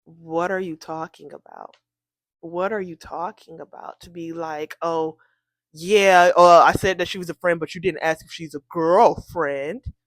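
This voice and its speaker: Woman telling a storytime, super animated and disbelieving, doing everyone's voices, dry sound. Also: fairly low pitch, measured pace, no room sound. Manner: animated, incredulous, acts out quoted people. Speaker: storytime vlogger. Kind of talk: casual storytime.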